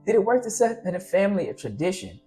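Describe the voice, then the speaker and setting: Fast-talking, lively man giving fatherly advice. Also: sits high, faint music behind. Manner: rambling, earnest, encouraging. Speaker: fatherhood vlogger. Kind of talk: casual advice talk to camera.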